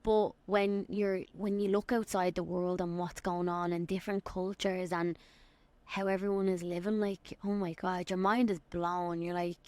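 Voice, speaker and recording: A young woman from Dublin with an Irish accent, hosting a solo podcast and giving an excited, rambling life update. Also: on the low side, moderate pace, no room sound. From Ireland. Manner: excited, rambling, quotes people in little acted voices. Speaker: podcast host and fitness coach.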